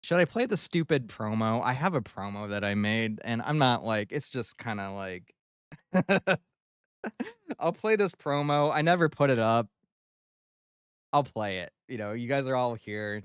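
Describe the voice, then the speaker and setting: Male streamer, casual rambling banter, smooth tone, dry close sound. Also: on the low side, dry recording. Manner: joking, rambling, laughs at himself. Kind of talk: casual livestream chat.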